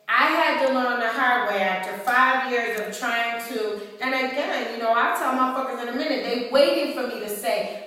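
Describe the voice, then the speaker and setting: A woman's voice: fairly high pitch, normal speed, few pauses, pushed and bright. A woman from New York, an author speaking to her fans, talking bluntly and heatedly with plenty of profanity on a phone camera mic. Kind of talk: blunt personal monologue. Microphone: iPhone camera mic. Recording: echoey hall, far from the mic.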